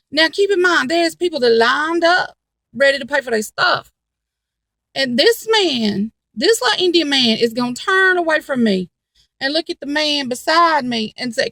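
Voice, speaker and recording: Woman, high bright voice, animated, blunt, cussing, casual storytelling, dry close sound. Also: normal speed, dry recording.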